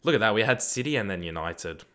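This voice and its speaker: In live stream chat, a young Australian gamer answers his viewers after reading their messages aloud, laid-back and rambling, with offhand swearing. His lowish voice is animated, fast, and fairly bright.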